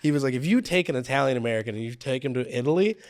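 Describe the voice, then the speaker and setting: A man's voice: medium pitch, animated, racing. A man hosting a podcast, chatting casually, laughing often and asking short questions. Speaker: podcast host. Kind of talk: casual chat.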